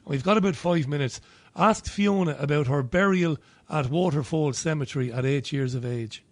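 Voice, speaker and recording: A man's voice: a little high, moderate pace, no echo. A male host asking interview questions in an earnest, sincere manner.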